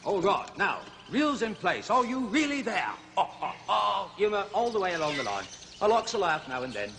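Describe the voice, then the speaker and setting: A man's voice: sits high, sing-song, normal speed, vocal fry, fairly bright tone, a little hiss or hum, heavily acted. A man playing a chattering, self-amused jungle explorer who hosts a zoo segment on a 1970s children's TV comedy and is easily flustered. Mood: jovial. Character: jolly bumbling male jungle explorer zoo host. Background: music.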